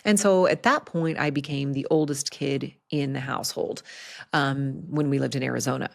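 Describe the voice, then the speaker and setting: A woman host telling a personal story on a podcast, candid and animated, with laughing asides. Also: very deep voice, moderate pace, gravelly.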